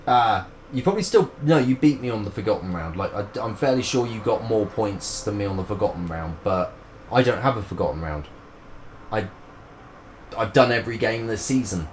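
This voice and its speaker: A man's voice: fairly low pitch, slight background noise. A man, chatting and rambling in a joking way while streaming a video game live. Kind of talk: casual live-stream gameplay chat.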